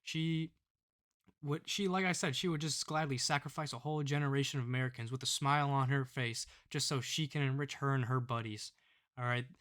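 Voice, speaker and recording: A man's voice: medium pitch, steady tone, brisk, fairly bright tone. A man giving scornful, ranting political commentary on his own channel, tagging his points with "all right?" again and again.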